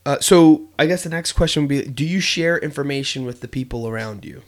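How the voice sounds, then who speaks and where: A man's voice: mid-range voice, brisk. Earnest young man talking on a podcast. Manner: earnest, reflective, many fillers and restarts. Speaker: podcast co-host. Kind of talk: casual podcast conversation.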